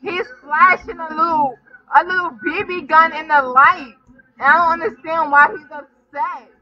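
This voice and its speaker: A woman's voice: extremely high pitch, steady tone, moderate pace. A drunk woman livestreaming, giggling and teasing someone in repetitive casual banter. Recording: dull lo-fi stream audio.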